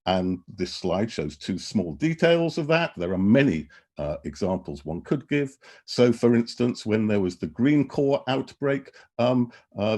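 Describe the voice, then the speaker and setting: A man who is a professor, giving an online presentation over a video call in a halting way with many filler sounds, leaning on key words for stress. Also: medium pitch, a little mellow.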